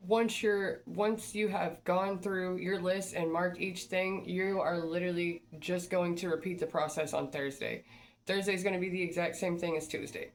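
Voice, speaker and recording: A woman hosting a motivational advice talk, coaching listeners in a direct, repetitive pep-talk manner. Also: fairly low pitch. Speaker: job-search advice host.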